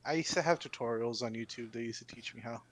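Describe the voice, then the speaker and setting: A man's voice: medium pitch, fast talker. A man on a podcast in casual chat, mumbling and self-deprecating, giggling at himself.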